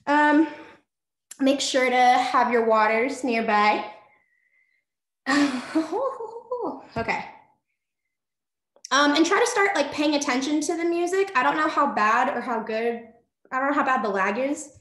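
A woman's voice: high voice, unhurried, pauses often, fairly bright tone. A young woman teaching a virtual dance workshop in a chatty, upbeat way over a video call, out of breath and full of fillers. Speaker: dance instructor. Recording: echoey room.

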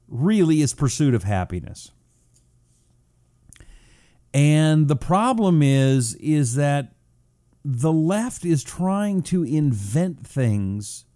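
Lively, mellow-voiced male talk host. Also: on the high side, takes it slowly, long pauses, no echo, clean studio sound. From Washington State, US. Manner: loose and chatty, drawling out words for effect, many "uh" fillers. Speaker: radio talk show host. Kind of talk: casual talk show monologue, reading out audience messages.

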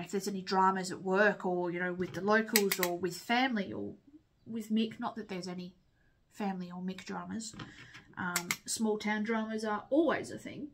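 A woman's voice: mid-range voice, noisy background. Candid rambling woman, sniffly voice. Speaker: vlogger. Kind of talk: casual chat while doing makeup.

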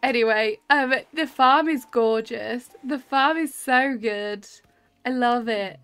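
Slow and fairly high-pitched, this woman's voice is fairly bright, clear, and resonant. She is live-streaming a tour of game islands, chatting cheerfully in casual commentary and greeting her chat by name. The webcam and desk mic give a dry close recording with game music behind.

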